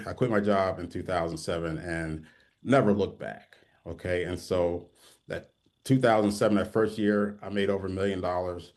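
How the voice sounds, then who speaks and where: A middle-aged man telling his own story to camera in a conversational way, often tagging points with "okay?". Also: low-pitched. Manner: conversational, keeps adding "okay?" at ends of points. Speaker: online marketing teacher. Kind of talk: personal story told to camera.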